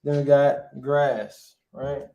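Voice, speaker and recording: A man teaching a casual online language class, checking in with "right?" after nearly every phrase and sounding out words slowly. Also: medium pitch, steady tone, dark tone, dull audio. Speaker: Hebrew teacher. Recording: echoey room.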